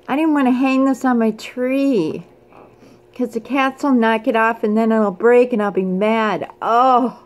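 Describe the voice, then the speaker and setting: A woman opening a gift box in a casual unboxing vlog, gushing and excitable, squealing and screaming with delight between quieter asides. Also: a little high, unhurried. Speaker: craft vlogger.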